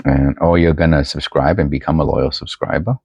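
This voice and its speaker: Sorting coins at home, a man who vlogs about coin collecting talks casually into his new desk mic, thinking aloud and rambling with many restarts. He has a bass voice that is darkish and a bit breathy, with fairly even intonation and a slightly fast pace, recorded dry.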